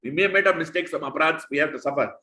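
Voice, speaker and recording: A man giving an animated scripture class, quoting Sanskrit verses and explaining them. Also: on the high side, very fast, reverberant. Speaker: devotional speaker.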